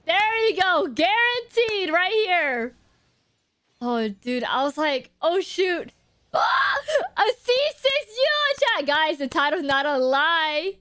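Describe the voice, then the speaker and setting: A young woman streaming her game pulls, excitable, gasping and shrieking as she reacts to her chat. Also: high voice, dry recording. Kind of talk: live-stream gacha reactions.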